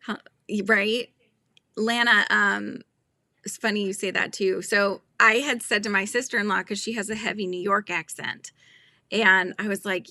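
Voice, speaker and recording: A woman's voice: mid-range voice, fairly even intonation, moderate pace, pushed and bright, no echo, clean studio sound. A woman with a Californian accent hosting a casual livestream, chatting, giggling and reading viewer comments aloud. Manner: chatty, giggly, trails off mid-sentence. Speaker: crochet livestream host.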